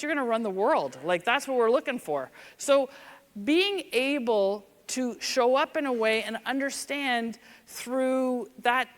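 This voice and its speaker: A woman speaks from a conference stage in a mid-range voice, telling stories in a lively, chatty way. Her talk rings with the long reverb of a large hall. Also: mid-range voice. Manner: animated, conversational, lively storytelling. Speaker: keynote speaker, former police officer. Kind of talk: conference keynote storytelling.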